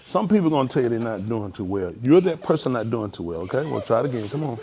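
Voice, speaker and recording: A man's voice: mid-range voice, big pitch swings, fast talker, background noise. A man coaching a group class, joking and laughing as he runs practice drills. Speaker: class instructor.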